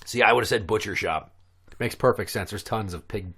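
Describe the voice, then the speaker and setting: A man hosting a comedy podcast, joking loudly and crudely, one moment booming like an announcer and the next mumbling. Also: normal speed, slightly rough. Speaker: podcast host.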